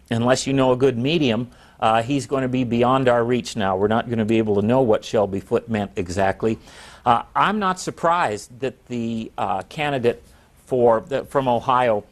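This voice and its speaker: A male historian answers interview questions in a measured, reflective manner, speaking in a mid-range voice.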